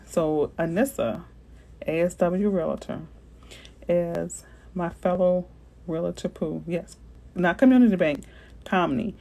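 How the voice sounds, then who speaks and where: A woman realtor from Florida chatting casually with viewers on a livestream, animated and slangy, answering their comments as they come in. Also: on the low side, creaky, rough recording.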